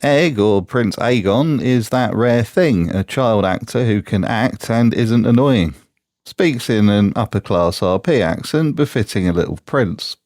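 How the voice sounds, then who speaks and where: A man's voice: lowish voice, lively intonation, measured pace, darkish tone, no echo. Sardonic male commentator with a dry, close voice. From Britain. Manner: sardonic and mocking. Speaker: YouTube commentator. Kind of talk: scripted voice-over commentary.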